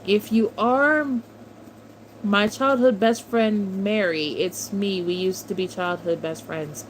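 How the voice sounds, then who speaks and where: A woman's voice: medium pitch, slow, a little hiss or hum, rough recording. A woman in her twenties chatting casually on a livestream, answering chat and swearing freely as she reminisces. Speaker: streamer reading chat.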